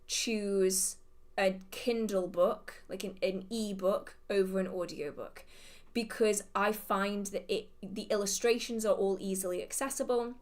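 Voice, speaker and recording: A woman's voice: mid-range voice, fairly even intonation, unhurried. A woman with a modern received pronunciation English accent, hosting a live witchcraft Q&A in a rambling, think-aloud way. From England. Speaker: witchcraft channel host. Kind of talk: live Q&A chat.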